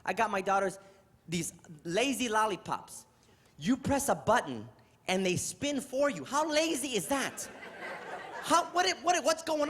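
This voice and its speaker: A man's voice: very high voice, moderate pace, a faint crowd, a little hiss or hum. A middle-aged man from New York City doing stand-up comedy on a theater stage, telling exasperated stories and acting them out. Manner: animated, exasperated storytelling with act-outs.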